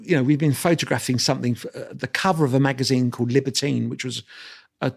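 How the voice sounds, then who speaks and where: A man in his sixties, a guest on an interview show, telling lively stories against himself, acting out the voices and laughing as he talks. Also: medium pitch, fast talker, creaky, breathy edge. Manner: lively anecdotal storyteller, acts out dialogue; self-deprecating, laughs while talking. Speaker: guest photographer. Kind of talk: storytelling interview.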